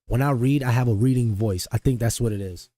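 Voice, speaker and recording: A man's voice: mid-range voice, a little fast, warm tone, no echo, studio quality. A young man, a streamer, chatting casually and rambling in slang to his viewers, often mocking himself. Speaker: streamer reacting to a video.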